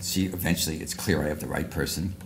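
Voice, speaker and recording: An older man with a notably deep voice tells a long, wandering anecdote to a luncheon crowd. He circles back, restarts phrases and drops asides as he talks. A faint background hum sits under his voice. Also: fairly even intonation, fast. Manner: rambling storyteller with many restarts and asides. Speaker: award speaker. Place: luncheon hall.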